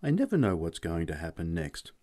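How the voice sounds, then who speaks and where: A man's voice: low voice, wildly swooping pitch, a little fast, dark tone. A man doing a laconic young soldier. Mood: deadpan. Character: stubborn, dry-witted young male soldier.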